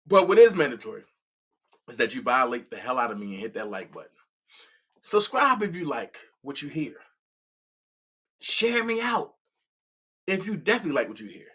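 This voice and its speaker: Male streamer, lively pitch swings, bright tense tone, loose stammering commentary. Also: husky. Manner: animated, stammering, repeats words. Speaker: livestream host. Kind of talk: casual live commentary.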